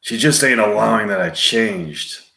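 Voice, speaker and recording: A man doing an impression of a weary, hard old gunslinger who talks quietly with a drawl. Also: fairly low pitch, a little slow, vocal fry, exaggerated voice. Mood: grim. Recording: roomy echo, a bit off mic.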